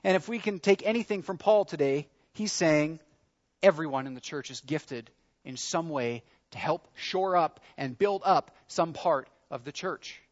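A man's voice: on the high side, a little slow, muffled recording. A man preaching a sermon in an earnest, conversational way, leaning into his questions. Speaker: pastor.

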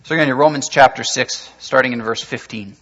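A man preaching a sermon as pastor, telling a story that moves between lively and hushed delivery, recorded with dull lo-fi sound in a church sanctuary. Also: mid-range voice, a little fast. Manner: storytelling, shifting from animated to hushed. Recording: dull lo-fi sound with long hall reverb.

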